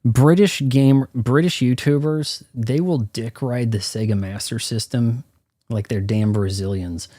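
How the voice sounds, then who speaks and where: A man's voice: medium pitch, a little slow, mellow, dry recording, clean studio sound. A man ranting his opinions in loose, profane gameplay commentary on a live stream. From United States.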